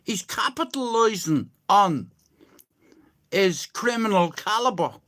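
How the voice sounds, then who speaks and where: Man streaming live, profane mocking rants, drawn-out slow speech. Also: sits high, expressive, pushed and bright. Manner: crude, mocking, profane ranting.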